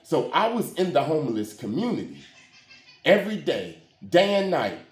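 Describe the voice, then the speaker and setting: Man, casual storyteller, slangy street talk, animated pitch, echoey room. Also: moderate pace. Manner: slangy street talk with frequent "you hear what I'm saying". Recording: roomy echo.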